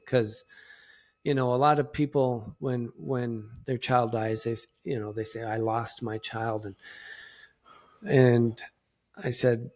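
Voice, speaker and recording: A middle-aged man talks as a podcast guest in a plain, mid-pitched voice. He speaks reflectively and haltingly, restarting his sentences often as he works through his thoughts. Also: fairly even intonation. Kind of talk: conversational interview.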